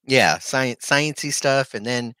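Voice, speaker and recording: A man's voice: mid-range voice, slow pace, sharp tone, smooth, no echo. A man co-hosting a podcast, chatting in a laid-back, agreeable way about comics. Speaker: podcast co-host. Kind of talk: casual comic book discussion.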